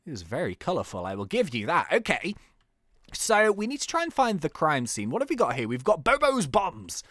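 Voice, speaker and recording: A man's voice: wildly swooping pitch, brisk, a bit bright, dry recording, studio quality. A young man giving jokey, playful commentary while playing a game. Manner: playful, jokey, laughs at own jokes, wildly swinging pitch. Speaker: gaming YouTuber. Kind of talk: casual gameplay commentary.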